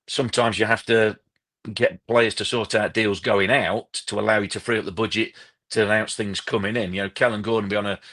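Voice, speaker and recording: A man co-hosting a casual football podcast, talking in a measured way and thinking aloud with small restarts. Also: on the low side, fairly bright tone. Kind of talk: casual live podcast chat.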